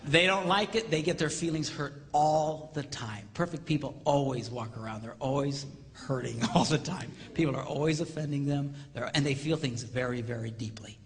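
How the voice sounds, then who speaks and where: A man's voice: a little high, moderate pace, hardly any pauses. A man giving a live, comedic seminar lecture, acting out quoted voices for laughs. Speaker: seminar speaker. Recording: reverberant hall with faint noise.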